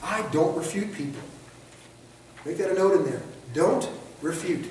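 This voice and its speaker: A man's voice: sits high, lively intonation, darkish tone, slight background noise. A man teaching a training class, chatting with the group, firing rhetorical questions at them and acting out short scenarios in quoted voices. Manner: acts out quick street scenarios in quoted voices. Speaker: instructor. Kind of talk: classroom lecture. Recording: echoey room, picked up from a distance.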